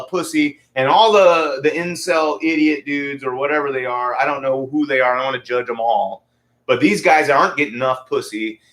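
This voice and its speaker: Swearing heavily, a forty-something podcast host delivers a casual but heated rant in a fairly high-pitched, fairly bright voice.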